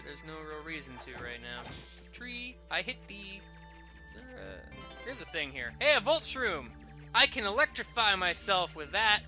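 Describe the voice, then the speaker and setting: A man's voice: fairly high pitch, bright, forceful tone. Rambling, jokey let's play guy. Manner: rambling, jokey, self-mocking. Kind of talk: casual gameplay commentary.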